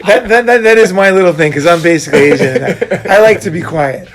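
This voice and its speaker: Animated middle-aged man telling stories. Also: sits high, fast, crowd noise. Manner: animated, laughing storyteller who swears casually. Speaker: podcast host. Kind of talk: casual conversation, storytelling.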